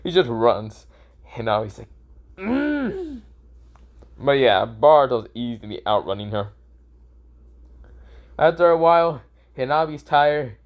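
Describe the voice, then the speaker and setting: A man's voice: mid-range voice, a little slow, pauses often. Rambling young man telling a fan story. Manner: rambling, self-correcting, swears casually. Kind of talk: improvised fan story narration.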